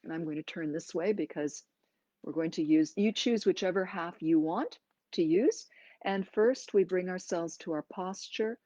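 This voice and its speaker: A woman yoga teacher guiding a breathing class in slow, gentle, soothing instructions with pauses. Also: on the low side, no echo. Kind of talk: guided breathing and movement class.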